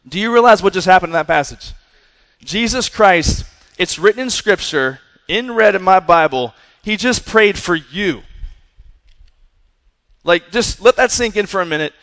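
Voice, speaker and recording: High-voiced energetic male preacher, reverberant hall. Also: unhurried. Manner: energetic, repeats "right?" and "listen". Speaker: youth pastor. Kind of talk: sermon to young people.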